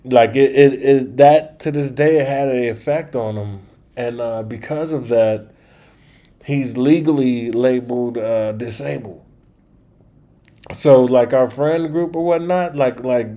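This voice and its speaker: Man, channel host, casual rambling storyteller, lots of restarts, mid-pitched. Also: mellow. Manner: rambling, with many restarts and slangy asides.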